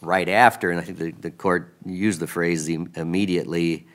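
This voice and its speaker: Judge guy with a really deep voice, slow deliberate questions. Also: fairly even intonation, fairly bright tone. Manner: deliberate, restarts phrases. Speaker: appellate judge. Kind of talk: questioning counsel from the bench.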